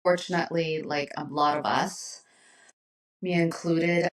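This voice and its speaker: A woman's voice: low-pitched, steady tone, unhurried, distant mic, rough recording. A woman co-host in casual chat, supportive and reflective.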